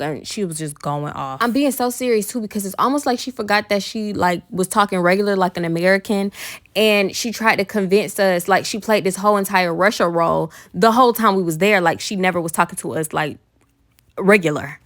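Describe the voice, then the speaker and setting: A woman vlogger recounts a story in casual storytime style. Her delivery is animated and slangy, with frequent swearing, and her voice sits at a mid-range pitch. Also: a little fast.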